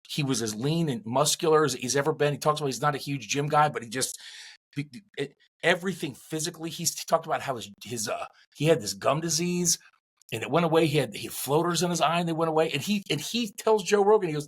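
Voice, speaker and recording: A middle-aged man in casual podcast chat, animated and rambling, with many restarts. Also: fairly high pitch. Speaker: podcast co-host.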